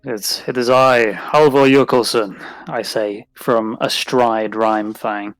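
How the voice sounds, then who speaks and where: A man's voice: mid-range voice, fairly even intonation, slow pace, no room sound, faint music behind. A man playing a proud, boastful beast-rider. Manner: boastful, formal. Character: proud adult male warrior riding a beast.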